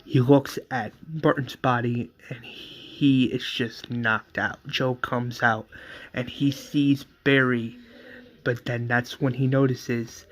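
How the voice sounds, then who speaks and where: A man casually retelling a fan story, rambling, repetitive and halting. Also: medium pitch, steady tone, a bit bright.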